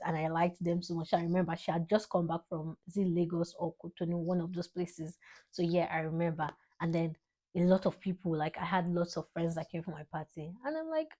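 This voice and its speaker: A young woman from Nigeria with a Nigerian English accent, speaking a rambling, heartfelt tribute to her father with sudden bursts of excitement. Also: on the low side. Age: young adult. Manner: emotional, rambling, animated spikes of excitement. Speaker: vlogger.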